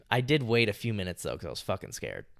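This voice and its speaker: A man's voice: fairly low pitch, wildly swooping pitch, fairly quick, creaky, a bit bright, no echo, clean studio sound. A young man on a podcast telling a story in casual, rambling chat, swearing often and filling gaps with "like" and "you know". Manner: rambling, profane, heavy use of "like" and "you know". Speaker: podcast co-host.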